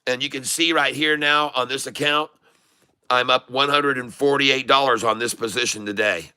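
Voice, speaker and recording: A man giving live stock trading commentary, excitable, repeating his sell calls to viewers and joking in broken Spanish. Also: medium pitch, moderate pace, smooth, no echo. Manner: jokey, mixes in broken Spanish.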